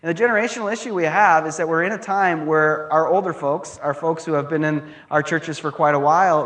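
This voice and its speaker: A man in his thirties delivers a conversational lecture, mixing ideas with wry personal stories. His voice sits a bit high for a man. He talks in an animated, humorous way.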